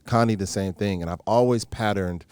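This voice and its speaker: A man in his thirties, an actor being interviewed, telling stories in an animated way and acting out the people he quotes. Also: lowish voice, normal speed, clear, resonant tone, no echo. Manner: animated storyteller, acts out quoted exchanges; frequent fillers and restarts. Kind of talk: casual interview talk.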